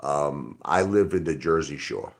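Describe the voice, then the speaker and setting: A middle-aged man with a deep voice hosts a casual livestream. He rambles from one point to the next and answers his chat directly in a loose, conversational way. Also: a little slow, creaky. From Brooklyn, New York. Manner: rambling, talks straight to chat. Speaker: livestream host.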